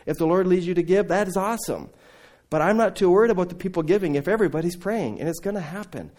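A man preaching in church with a slightly raised pitch. He tells Bible stories with animated energy, acting out the voices of the disciples, and breaks off now and then with casual questions to his congregation. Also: quick pace. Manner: animated storytelling, acting out biblical dialogue; conversational asides to the congregation. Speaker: preacher raising funds for a mission training center. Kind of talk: sermon.

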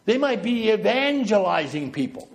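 A middle-aged man from New Brunswick preaching a sermon. His fairly high voice rises and falls sharply as he tells stories and makes points. He paces back and forth as he talks, illustrating with his hands. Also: very animated, normal speed. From New Brunswick, Canada. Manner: storytelling, illustrating with gestures, walking back and forth.

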